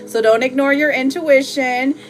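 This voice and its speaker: A woman's voice: high-pitched, fairly even intonation, normal speed, soft background music. A woman hosting a live oracle card reading, chatty and playful, laughing often as she reads for viewers. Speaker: live tarot reader.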